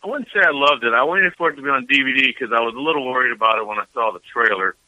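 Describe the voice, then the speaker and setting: A man's voice: medium pitch, racing, no echo, lo-fi sound. A man chatting on a podcast as its regular movie reviewer, laid-back and casually swearing, laughing often.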